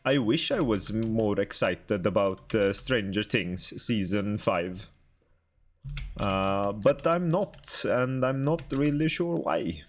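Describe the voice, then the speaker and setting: Young male streamer, lowish voice, unhurried and halting, chatting with viewers. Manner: halting, chatty, answers chat aloud. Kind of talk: casual chat with viewers.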